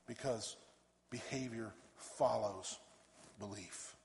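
A man, a pastor, preaching a fervent sermon that swells to loud emphatic peaks and drops back low. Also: measured pace, a little hiss or hum. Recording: reverberant church hall.

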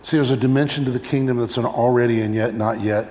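A male pastor preaches a sermon, telling stories and acting out little scenes in an animated way. He speaks fast in a mid-range voice, and the hall echoes.

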